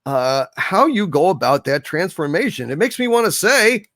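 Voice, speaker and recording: A man's voice: high voice, big pitch swings, moderate pace, fairly bright tone, no room sound, clean studio sound. A man hosting a live stream who reads viewer chat messages aloud and greets viewers theatrically. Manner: theatrical, hailing viewers grandly.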